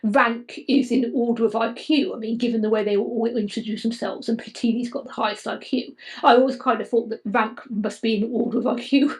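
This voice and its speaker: Podcast co-host, woman, slightly high voice, hesitant and repetitive delivery. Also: fairly even intonation, poor audio. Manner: halting, full of restarts and "I mean" fillers. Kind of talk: casual podcast discussion.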